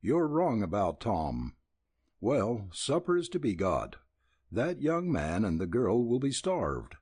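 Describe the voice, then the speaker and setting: Brief: a stern motherly ranch wife, voiced by a male narrator, low and husky. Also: huge pitch swings, takes it slowly, a little mellow, no room sound, clean studio sound, exaggerated voice. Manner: scolding, sensible. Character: firm motherly older frontier woman.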